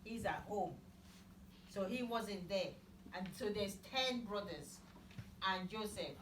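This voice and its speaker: A woman's voice: mid-range voice, lively intonation, a little hiss or hum. A woman telling a Bible story to children in simple words, asking them questions as she goes, recorded in an echoey room far from the mic. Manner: slow, simple wording, asks children questions. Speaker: Bible teacher.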